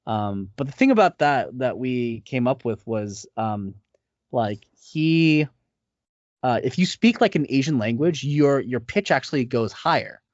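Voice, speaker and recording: A man of middle pitch chats as an interview guest, rambling along with lots of "um" and "like" and restarting his sentences. The sound is dry and close, with a dull lo-fi quality. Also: animated, measured pace, no room sound. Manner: rambling, many fillers and restarts. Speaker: voice actor guest. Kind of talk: casual interview chat. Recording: dull lo-fi audio.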